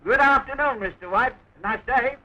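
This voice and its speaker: A man's voice: extremely high pitch, moderate pace, sharp tone, heavily acted. An actor playing a sociable man making cheerful small talk, with a dull 1920s film sound.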